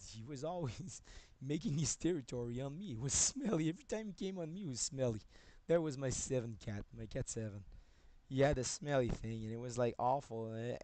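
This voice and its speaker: Rambling man telling stories. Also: no echo. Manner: rambling, repeats himself, laughs often, swears; grows loud and high-pitched when excited. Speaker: streamer. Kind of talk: rambling personal storytelling.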